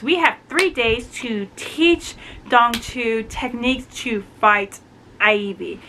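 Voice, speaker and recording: A young adult woman retelling a book's plot in a chatty, animated way, full of fillers. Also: fairly high pitch, slight background noise. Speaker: book reviewer. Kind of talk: casual book review chat.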